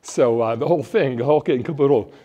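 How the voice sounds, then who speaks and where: A man's voice: mid-range voice, fast talker, dark tone, lo-fi sound. Jokey man presenting a live workshop. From Phoenix, Arizona. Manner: jokey, rambling, chats with the audience. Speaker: college financial aid presenter. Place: event room with a live audience. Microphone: handheld or stand mic.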